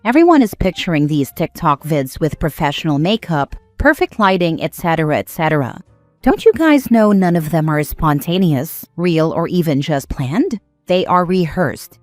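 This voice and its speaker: A woman with a somewhat low voice reads online posts aloud in an even, conversational storytime manner. Her voice is close and dry, with faint music running quietly underneath. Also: normal speed, dry recording. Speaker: narrator reading online posts. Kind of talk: storytime narration. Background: faint background music.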